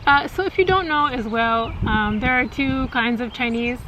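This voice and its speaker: A woman's voice: on the high side, normal speed. A woman in her thirties talking casually to her viewers outdoors, chatty with many fillers and easy laughs. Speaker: vlogger. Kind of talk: casual chat. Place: outdoors in cold wind. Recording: wind noise on the mic.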